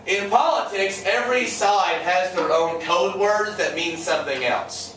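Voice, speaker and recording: Recorded from far off in an echoey classroom with a little hiss or hum, a man teaching history lectures at a measured pace. His high-pitched voice is fairly bright, and he jokes, uses sarcasm, and often puts questions to his students.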